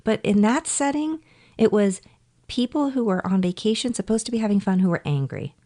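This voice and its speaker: A woman's voice: medium pitch, animated, fairly quick, mellow. A woman guesting on a casual podcast chat, earnest and emphatic as she tells her stories. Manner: earnest, emphatic retelling of past exasperation.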